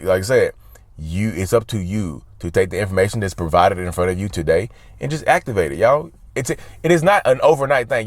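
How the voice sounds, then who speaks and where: A lowish male voice with no room sound comes from a mental health channel host in a casual advice monologue. He reinforces points by repeating key words and speaks to his viewers as "y'all."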